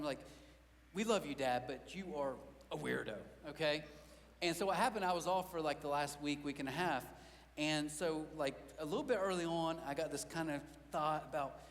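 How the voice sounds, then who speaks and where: A middle-aged man preaches a sermon in a high, bright voice, moving easily between teaching and funny stories about his own life. He acts out the quoted lines and pokes fun at himself. His voice carries a long reverb from a large church hall. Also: slight background noise. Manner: animated storytelling with voiced quotes and self-mocking humor. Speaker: pastor.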